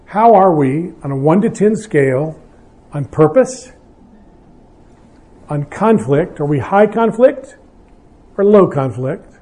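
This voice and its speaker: Older man giving a warm-toned marriage talk. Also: fairly high pitch, expressive, slow pace, long pauses. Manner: conversational, self-deprecating, with frequent restarts. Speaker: pastor. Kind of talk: evening marriage seminar talk.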